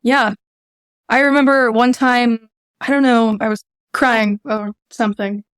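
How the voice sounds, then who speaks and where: A woman's voice: on the high side, fairly even intonation, a little slow, clear, resonant tone, dry recording. A woman voice teacher as a podcast guest, speaking in a reflective, self-deprecating way. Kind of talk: candid podcast conversation.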